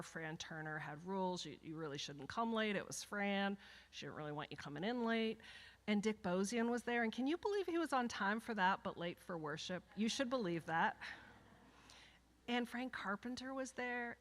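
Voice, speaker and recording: Older woman minister, anecdotal eulogy, easygoing, mid pitch. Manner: conversational, anecdotal, gently humorous. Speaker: minister emerita. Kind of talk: eulogy at a memorial service. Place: church sanctuary.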